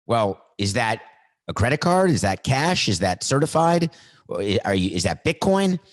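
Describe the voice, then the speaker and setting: A man voicing a skeptical male store clerk who fires off question after question, a little higher than his usual voice. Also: very animated. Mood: pestering. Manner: pestering, rapid-fire questions.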